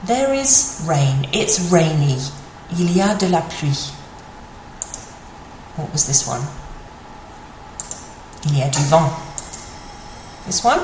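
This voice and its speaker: A woman teaching a beginner French lesson, speaking clearly and patiently, repeating phrases slowly. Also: low-pitched, animated, darkish tone, echoey room, slight background noise, low-quality recording.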